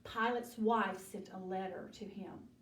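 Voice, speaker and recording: A woman's voice: medium pitch, steady tone, a little slow, a bit bright. A woman teaching a children's Bible lesson, telling the story dramatically and acting out the voices, recorded in an echoey room from some distance.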